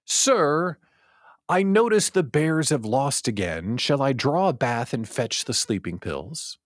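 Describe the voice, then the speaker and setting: A man's voice: medium pitch, sing-song, takes it slowly, dry recording. A man voicing a formal, attentive male butler with a dry wit. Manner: formal, courteous.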